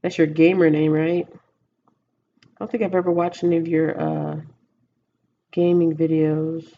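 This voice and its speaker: A woman's voice: low-pitched, flat delivery, a little slow, narrow, tinny audio, a little hiss or hum. A Texan woman livestreaming from home, chatting casually and rambling as she thinks aloud to viewers. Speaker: livestreaming vlogger.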